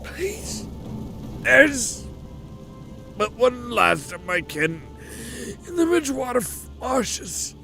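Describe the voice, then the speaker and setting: A man's voice: very high voice, very animated, slow pace, gravelly, pauses often, sharp tone, heavily acted. An actor voicing a dying, wounded man in a video game, pleading in a strained voice. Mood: urgent, dying. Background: game music.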